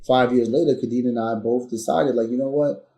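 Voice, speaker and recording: A man's voice: medium pitch, fairly even intonation, a little fast, reverberant. A man guest on a podcast telling a personal story earnestly, acting out heated arguments with rising intensity. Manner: earnest, builds to loud re-enacted arguments. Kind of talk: candid storytelling.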